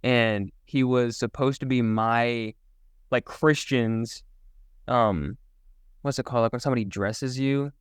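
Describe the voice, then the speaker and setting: A young man with a smooth, clean voice tells rambling stories about his comedy, laughing easily. His voice sits at an ordinary pitch, and the recording is close and dry. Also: a little slow, no room sound. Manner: animated, laughs often, rambling storytelling. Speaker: comedian guest. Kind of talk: casual podcast chat.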